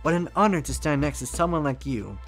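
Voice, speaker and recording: A man voicing a gruff old male militia major with a Ukrainian accent and a lisp. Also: fairly high pitch, lively intonation, fairly quick, a bit bright, faint music behind. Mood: eager. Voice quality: lisping.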